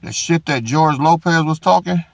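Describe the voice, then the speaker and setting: A man's voice: on the high side, normal speed, creaky, dry recording. Mocking, profane male commentator. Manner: mocking, heavy profanity, repeats "dog". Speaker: online commentator.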